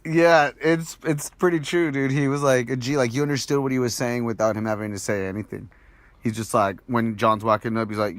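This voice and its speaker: A man's voice: medium pitch, fairly even intonation, brisk, no echo. A man co-hosting a casual podcast chat, laid-back and slangy, laughing often. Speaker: podcast co-host.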